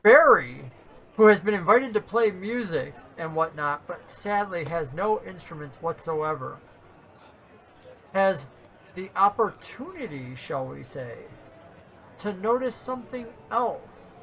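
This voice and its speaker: A woman runs the tabletop game as its game master. She narrates playfully and laughs along with her players, and her voice has a bright, sharp edge. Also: fairly low pitch, slow, rough recording. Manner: lively, playful, laughs often.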